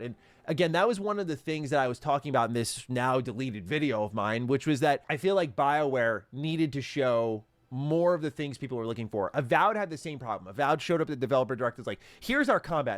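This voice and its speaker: A man's voice: mid-range voice, no room sound. Enthusiastic man rambling about games. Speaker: gaming commentator. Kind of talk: casual video commentary.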